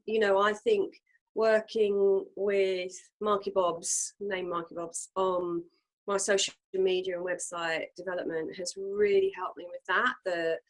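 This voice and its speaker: A woman co-hosting a casual reflective chat, talking earnestly with many fillers and pauses. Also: medium pitch, poor audio. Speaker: co-host.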